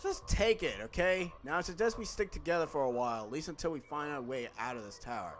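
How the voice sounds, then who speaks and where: A man's voice: fairly high pitch, expressive, fast, a bit bright. A man playing a brash, defiant young male adventurer, reading game dialogue in an indignant, emphatic way.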